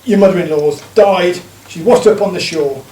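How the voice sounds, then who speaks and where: High-voiced man, rambling pub jokes, echoey room, distant mic. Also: normal speed, warm tone, a little hiss or hum. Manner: rambling, chuckles at his own jokes. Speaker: pub comedian telling jokes. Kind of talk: live stand-up joke telling.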